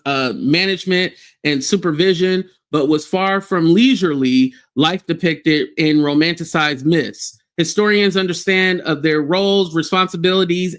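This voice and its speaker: A man hosting a livestream, giving blunt, heated commentary with swearing and quick acted-out quotes. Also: a little high, fairly bright tone.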